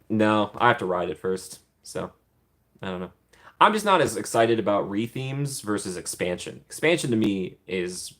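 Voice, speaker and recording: A man's voice: on the low side, fairly bright tone. A man hosting a casual livestream, reading viewer questions aloud and chatting back with frequent laughs and ums. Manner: chatty, laughs often, many ums, reads chat aloud. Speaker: livestream host answering chat. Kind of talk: casual live Q&A chat.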